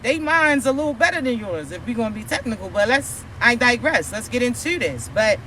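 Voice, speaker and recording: Man with a very high voice, preachy confrontational vlogger, profane, faint street noise. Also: big pitch swings, fairly quick, pushed and bright. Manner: rhetorical questions at an imagined critic. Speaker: spiritual content creator. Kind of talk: preachy spiritual rant.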